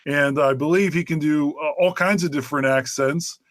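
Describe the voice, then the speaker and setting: A man with a slightly high voice hosts a podcast, speaking hesitantly with frequent fillers. His recording sounds close and dry. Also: fairly even intonation, moderate pace, no echo. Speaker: podcast host. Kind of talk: casual chat.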